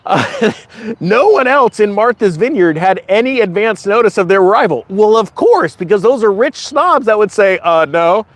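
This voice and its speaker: Sarcastic male commentary host, high and animated, slips into mocking voices. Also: moderate pace, no echo.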